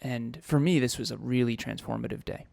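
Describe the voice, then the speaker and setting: A man in his thirties shares a deeply personal story on a podcast. His voice sits at an ordinary male pitch, and he talks in a raw, confessional way, looping back and restarting as he searches for words. The sound is close and dry, with no room around it. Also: brisk, creaky, a little mellow, dry recording. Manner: emotional, confessional, with frequent restarts. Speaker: podcast co-host.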